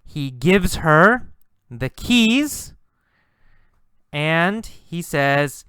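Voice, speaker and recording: Slow, patient male English teacher. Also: a little high, sing-song, sharp tone, clean tone, no echo, clean studio sound. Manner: patient, explains words with many repeats. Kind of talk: slow, repetitive lesson narration.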